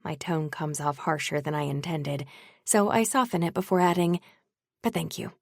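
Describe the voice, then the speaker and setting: Low, gravelly woman narrating wryly. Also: moderate pace, a little mellow, no room sound. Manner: wry, dry. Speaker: audiobook narrator. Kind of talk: first-person audiobook narration.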